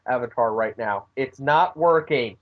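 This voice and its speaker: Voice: medium pitch, measured pace, dull audio. A podcast co-host in casual wrestling chat over an online call, heated and profane. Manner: heated, profane, restarts often.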